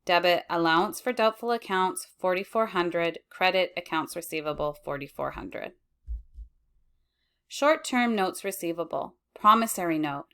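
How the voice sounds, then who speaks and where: A woman teaching accounting, reading lecture slides in a measured way and correcting herself as she goes. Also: lowish voice, fairly bright tone, smooth. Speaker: accounting instructor.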